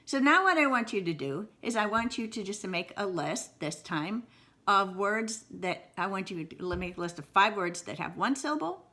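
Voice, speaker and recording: A woman with a bright, clear voice leads a video lesson on syllables. She stretches and repeats words slowly to show each beat, and cheers her learners on. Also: medium pitch, animated. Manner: slow, exaggerated word repetition, encouraging. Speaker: writing teacher.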